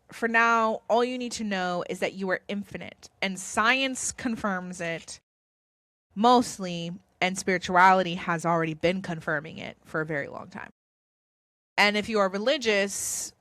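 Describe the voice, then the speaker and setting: Speaking to camera in a casual, rambling way about spiritual matters, this tearful woman sounds earnest and reassuring. The recording is clean studio sound with no room tone, and her lowish voice has a fairly bright quality.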